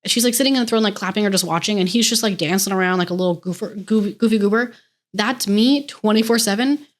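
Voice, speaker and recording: Young woman, American accent, casual podcast host, rambling, gushing, swearing, mid-pitched voice. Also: fast. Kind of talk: casual solo podcast chat.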